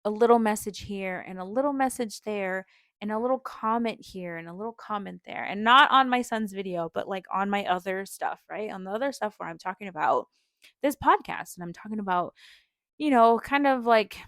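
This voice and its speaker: A young woman talks through a personal story on her podcast in an open, emotional way, often breaking into a light laugh. Her speech is loose and chatty, with lots of "like" and "um". Her voice sits at an ordinary pitch for a woman and sounds close and dry. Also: fairly quick, fairly bright tone, no echo. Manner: chatty, with many "like" and "um" fillers and frequent small laughs; earnest and openly emotional. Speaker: podcast host.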